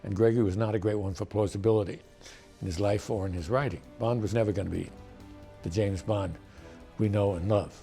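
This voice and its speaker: A man's voice: lowish voice, fairly even intonation, brisk, gravelly, dark tone, faint music behind. An older man, a screenwriter, telling amused, wry anecdotes in a documentary interview.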